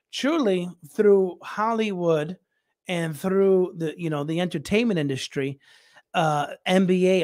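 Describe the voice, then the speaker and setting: A man telling a story in a casual talk-show chat, animated, acting out what his friends said and laughing along. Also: sits high, no room sound, studio quality. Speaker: missionary guest.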